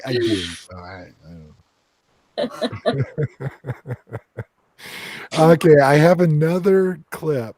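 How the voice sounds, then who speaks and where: Mellow-voiced American man, playful host. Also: mid-range voice. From United States. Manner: playful, teasing banter. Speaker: paranormal investigator and host. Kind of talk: casual group chat.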